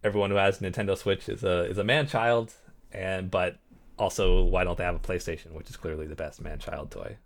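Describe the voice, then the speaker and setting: A man's voice: low voice, steady tone, brisk. A young man co-hosting a podcast in casual chat, dry and hesitant, often trailing off. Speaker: podcast co-host.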